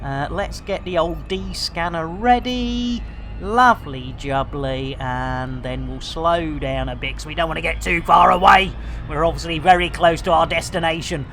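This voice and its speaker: A man's voice: fairly high pitch, moderate pace, creaky, fairly bright tone, faint music behind. A man chatting through a live game stream, joking with innuendo and giving mock public announcements. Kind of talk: live gameplay stream chat.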